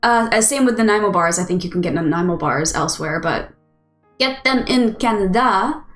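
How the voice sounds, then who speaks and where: An American woman hosts a casual stream, chatting with her viewers in an unhurried, rambling way and giggling often. Her voice sits in a middle pitch. The room sounds echoey, and faint music plays underneath. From United States. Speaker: host.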